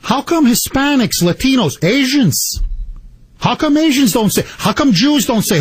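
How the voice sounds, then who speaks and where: Husky, animated male radio host. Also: very high voice, normal speed, no echo. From Canada. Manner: animated, sarcastic rhetorical questions. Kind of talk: opinionated talk radio monologue. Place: radio studio. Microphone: studio microphone.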